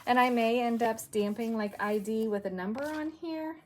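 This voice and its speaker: A woman's voice: a little high, moderate pace, a little mellow, a little hiss or hum. A woman crafting at home, chatting casually and thinking aloud as she stamps, sounding a bit winded. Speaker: craft video creator.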